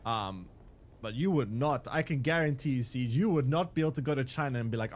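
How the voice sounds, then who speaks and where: A man's voice: medium pitch, expressive, brisk, slight background noise. A young man, chatting casually with his live chat while playing a game, rambling with restarts and fillers. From South Africa. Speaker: streamer.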